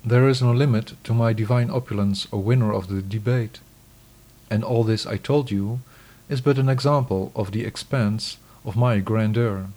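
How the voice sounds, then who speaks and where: A man with a fairly low voice reads scripture aloud. His delivery is measured and solemn, declaiming each line with steady weight.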